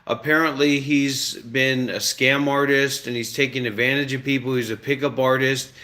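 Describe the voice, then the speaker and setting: A man's voice: mid-range voice, bright, forceful tone. A man in casual banter with a voice assistant, pushy and crude, repeating his demands and coaxing. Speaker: host.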